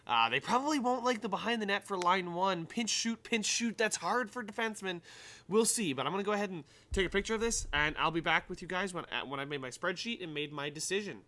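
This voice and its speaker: A man's voice: high-pitched, sharp tone. A young man giving casual game commentary, thinking aloud and rambling with many fillers as he plays. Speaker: gaming YouTuber.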